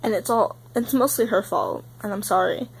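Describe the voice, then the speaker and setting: A woman's voice: mid-range voice, normal speed, slight background noise, rough recording. A young woman in her teens vlogging, upset and close to tears, rambling and saying "like" a lot. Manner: tearful, rambling, heavy use of "like". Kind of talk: emotional confessional vlog.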